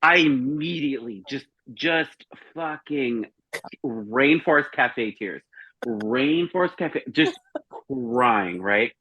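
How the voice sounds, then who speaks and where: A man's voice: medium pitch, animated, slow pace, slightly rough, dry recording. A man chatting casually as a guest reviewer, telling rambling, profane stories. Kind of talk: casual chat. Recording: dry, dull lo-fi sound.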